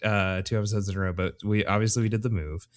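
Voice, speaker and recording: A man's voice: on the low side, fairly even intonation, fast talker. A man co-hosting a podcast at home, chatting casually and jokingly, rambling with fillers into his own microphone. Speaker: podcast co-host. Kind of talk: casual chat. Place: home room, separate from co-host.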